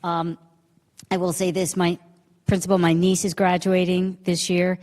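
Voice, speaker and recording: A woman's voice: lowish voice, flat delivery, normal speed, a little mellow. Middle-aged woman, grateful hesitant thanks. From New Jersey. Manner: grateful, hesitant, many fillers. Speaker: county commissioner accepting an award. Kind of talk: impromptu acceptance speech. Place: council meeting chamber. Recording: reverberant meeting room.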